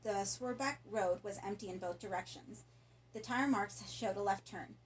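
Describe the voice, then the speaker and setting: A woman reading a horror story aloud in a calm, even narration. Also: medium pitch, moderate pace, a little hiss or hum, poor audio. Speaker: audiobook narrator.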